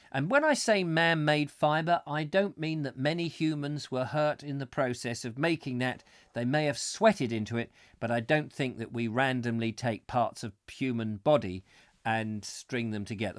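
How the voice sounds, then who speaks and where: A middle-aged Englishman hosts a comic live show, reading out viewer comments and wandering off into playful, mock-gruesome asides. His voice sits a touch high for a man. The sound is close and dry. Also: no echo. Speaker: host.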